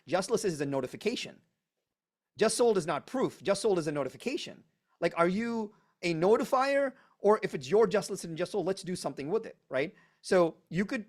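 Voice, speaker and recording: A man presenting a live online coaching workshop, emphatic and energetic, driving points home with punchy repetition over a video call. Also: fairly high pitch.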